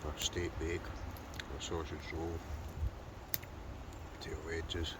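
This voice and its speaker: A man's voice: deep voice, completely flat delivery, slow. A Scottish man chatting casually to the camera while camping alone in the countryside. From Scotland. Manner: chatty, talking to himself and the camera. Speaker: wild camping vlogger. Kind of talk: casual solo camping vlog. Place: outdoor campsite in the countryside. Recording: outdoor recording with background noise.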